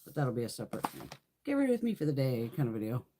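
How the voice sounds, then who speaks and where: Over a noisy background, a beauty livestream host with a bass voice talks rapid-fire, her pitch swinging widely. She tries on makeup while chatting casually, laughing a lot and cursing freely.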